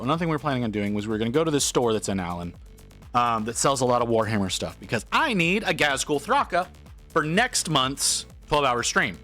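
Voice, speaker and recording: A man's voice: medium pitch, sharp tone. A man telling a long, rambling story to his stream chat, slipping into quoted voices as he goes.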